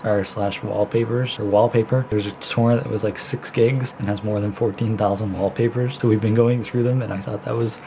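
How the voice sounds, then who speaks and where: A man's voice: fairly low pitch, steady tone, brisk, gravelly, hardly any pauses, warm tone. A young man talking casually to his camera in a daily vlog, rambling and laughing often, outdoors on an icy trail and later at home. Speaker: daily vlogger. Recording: noisy handheld camera audio.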